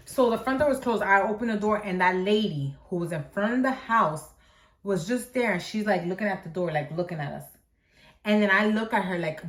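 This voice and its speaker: A young woman vlogger telling a storytime tale in a lively, animated way, acting out what people said. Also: on the low side, reverberant. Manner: animated, acts out quoted voices, says "like" and "bro" a lot. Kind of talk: storytime chat.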